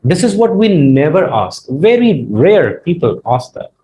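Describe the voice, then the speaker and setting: A man's voice: on the high side, very animated, a little slow, mellow, poor audio. Earnest male English tutor, partly Australian accent. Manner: earnest, conversational, frequent "you know" fillers. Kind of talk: spoken English lesson.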